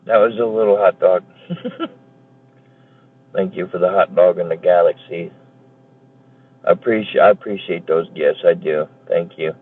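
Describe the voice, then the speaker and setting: A man's voice: low-pitched, a little slow, long pauses, a little hiss or hum. A man live streaming, joking and swearing casually as he chats with viewers and thanks them for gifts. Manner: profane, jokey banter with chat. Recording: tinny phone-like sound.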